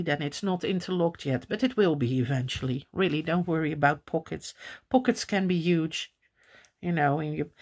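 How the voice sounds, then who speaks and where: A woman's voice: on the low side, creaky, a little mellow. A Dutch woman with a Dutch accent teaching crochet in a casual tutorial, chatting and counting stitches under her breath. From Netherlands.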